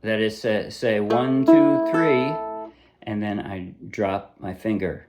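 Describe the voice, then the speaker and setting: A man teaching a ukulele song in a relaxed, casual way. He often stops to correct himself and apologize. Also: lowish voice, unhurried, loud music behind the voice. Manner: relaxed, self-correcting, apologizes when he slips. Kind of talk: casual tutorial explanation. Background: ukulele playing.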